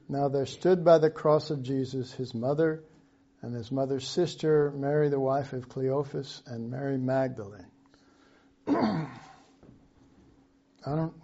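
A man preaching a sermon, slow and conversational, reading scripture and breaking off into asides. His voice sits fairly high but mellow. The recording sounds dull and lo-fi. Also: fairly even intonation.

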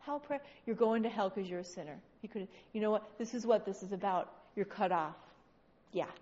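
A woman preaching a sermon, firing off rapid rhetorical questions with a teasing edge. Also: mid-range voice, darkish tone. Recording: dull recording with long hall reverb.

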